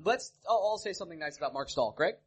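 A man co-hosting a live podcast, asking quick teasing questions in casual chat. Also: on the high side, expressive, husky. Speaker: podcast co-host.

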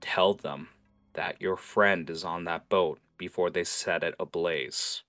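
A man's voice: low-pitched, fairly even intonation, takes it slowly, a bit bright, exaggerated voice. A game master voicing a weary, grim male city guard captain, blunt and worn down.

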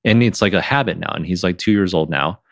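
Man, podcast host, deep gravelly voice, dry close mic, animated retelling. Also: fast talker, dry recording. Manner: animated, reenacts his own quotes in a higher voice. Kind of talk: casual conversation.

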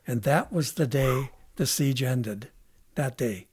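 A man in his seventies, a military veteran, telling war stories in a halting, casual way. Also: medium pitch, a little mellow, breathy edge. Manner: halting, with many restarts and fillers. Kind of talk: casual storytelling interview.

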